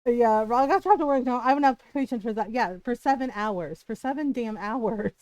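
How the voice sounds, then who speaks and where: A woman with a high, smooth voice chats casually while streaming a game from home. She tells stories in an animated way and swears freely. Her voice sits close and dry on the mic. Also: brisk, dry recording. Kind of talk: casual chat while gaming.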